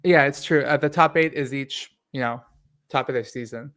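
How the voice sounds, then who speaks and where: A man's voice: mid-range voice, moderate pace, a bit bright. A man hosting a casual recap show, rambling through scores with fillers and restarts. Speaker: podcast host.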